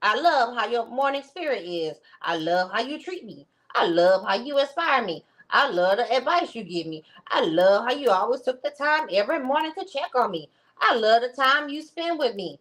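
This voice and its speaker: A woman playing a swooning lovesick woman, high and drawn out. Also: very animated, a bit bright. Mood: gushing, swooning. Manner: overdramatic, swooning, drawn-out words. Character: lovesick woman gushing over her man.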